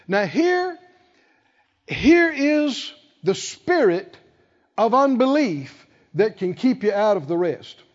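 A man preaching a sermon with emphasis, acting out quoted voices and building to loud peaks. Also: extremely high pitch, big pitch swings, measured pace. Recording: dull, reverberant hall sound.

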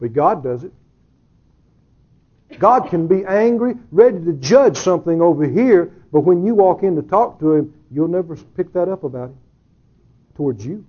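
A man's voice: high-pitched, expressive, normal speed, pauses often, breathy edge, dull audio. A man preaching a sermon who jokes with the congregation, chuckles often, and asks rhetorical questions.

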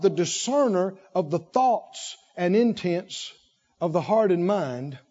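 Animated high-voiced male preacher. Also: lo-fi sound. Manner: animated preaching, rhythmic repetition. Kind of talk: sermon.

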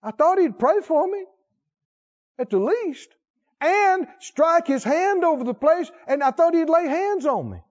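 A man voicing a proud, indignant army commander who rants with a self-important manner, in a higher, louder voice than his own. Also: very animated, a little slow, highs cut off, full character voice.

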